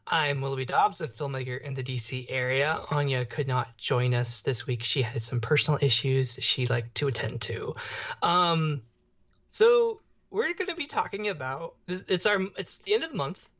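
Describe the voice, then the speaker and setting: A man's voice: medium pitch, lively intonation, normal speed, a bit bright. A young adult man co-hosting a casual podcast, joking and rambling, often tripping over his words. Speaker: podcast co-host. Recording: dull lo-fi audio.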